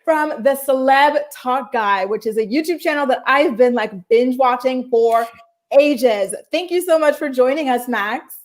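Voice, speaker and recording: Upbeat high-voiced woman hosting a chat. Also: unhurried. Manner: chatty, upbeat, uses like and um. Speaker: host. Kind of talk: casual chat.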